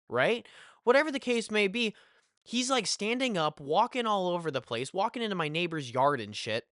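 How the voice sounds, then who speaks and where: A young man telling a casual storytime, animated and full of swearing and filler phrases. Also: high voice, a little fast, dry recording, clean studio sound.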